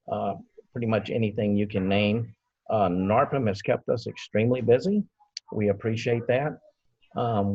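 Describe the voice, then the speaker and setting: Man, 50s, husky, authoritative, dry muffled call audio. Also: medium pitch, darkish tone, no room sound. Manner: confident, authoritative, lecturing. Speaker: cleaning and restoration business owner. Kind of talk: business pitch on a video call.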